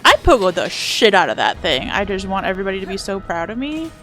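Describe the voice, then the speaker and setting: A woman streaming a game and chatting casually, excitable and joking, with frequent swearing. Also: medium pitch, fast, faint music behind. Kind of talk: casual livestream commentary while playing.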